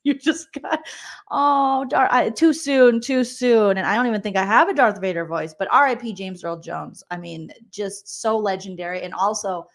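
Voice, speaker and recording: A woman in her forties hosting a casual comedic recap of a reality show, reading viewer comments and making quick, joking asides. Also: mid-range voice. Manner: chatty, jokey, quick asides and mock voices.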